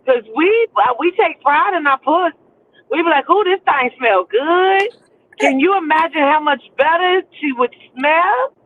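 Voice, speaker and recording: A woman co-hosting a casual panel chat, animated, slangy and blunt. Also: high voice, moderate pace, phone-quality sound, a little hiss or hum. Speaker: panel co-host.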